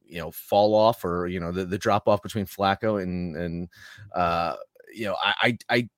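A man co-hosting a sports betting show, talking in a halting, stammering way with casual swearing. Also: sits low, steady tone, no echo, studio quality. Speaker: sports betting podcast co-host. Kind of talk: casual betting picks chat.

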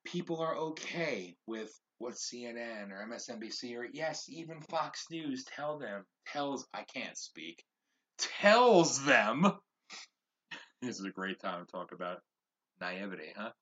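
A man's voice: medium pitch, unhurried, fairly bright tone, muffled recording. A man hosting his own podcast, delivering a fired-up social commentary rant that repeats phrases for emphasis. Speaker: podcast host.

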